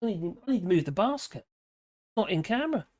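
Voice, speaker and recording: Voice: medium pitch, big pitch swings, fairly quick, darkish tone, no room sound, studio quality. Rambling British host in their fifties. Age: 50s. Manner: rambling, chatty, often laughing and wandering off topic. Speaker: live-stream host. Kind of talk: casual commentary reading and digressing.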